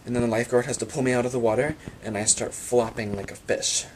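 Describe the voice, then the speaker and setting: A man telling absurd comic stories about his free time in a deadpan monologue. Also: mid-range voice, quick pace, slight background noise. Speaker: vlogger.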